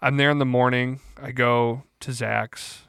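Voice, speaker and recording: A young man co-hosting a podcast in casual chat, telling a story in a relaxed, rambling way. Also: medium pitch, measured pace, gravelly, smooth, no room sound, clean studio sound. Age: young adult. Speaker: podcast co-host.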